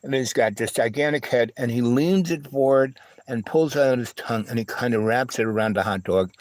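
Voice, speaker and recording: A man hosting a livestream halts and restarts his way through a long personal story, dropping fillers and "you know, right?" asides to the listener. His voice is medium-pitched and a little mellow, on a dry, low-quality recording.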